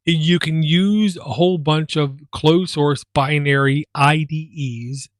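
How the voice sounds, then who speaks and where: A man's voice: a little high, fairly even intonation, takes it slowly, no room sound. A man hosting a casual tech podcast, talking in a rambling, self-deprecating way. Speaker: podcast host.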